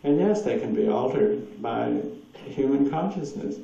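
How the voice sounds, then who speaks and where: A man's voice: medium pitch, animated, measured pace, creaky, warm tone, distant mic. A man telling anecdotes at a presentation and taking audience questions, rambling and chuckling often as he acts out quoted voices. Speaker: speaker at a presentation. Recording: dull echoey hall recording from afar.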